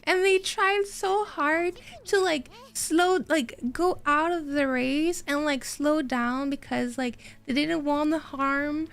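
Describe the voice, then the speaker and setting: A woman streamer chatting casually while she plays a game, rambling and excitable, answering her chat as she goes. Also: sits high, slow, hardly any pauses.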